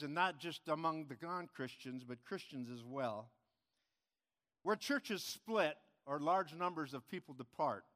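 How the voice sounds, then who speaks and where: A man leads a church service as its pastor, earnest as he tells a story from the pulpit. His voice sits slightly high for a man. He stumbles now and then and restarts a phrase. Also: fairly bright tone, in a large hall. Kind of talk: sermon.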